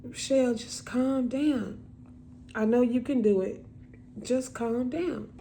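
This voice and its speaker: Woman as a patient older sister, soft, gentle, coaxing, slow. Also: fairly high pitch, gravelly, slight background noise.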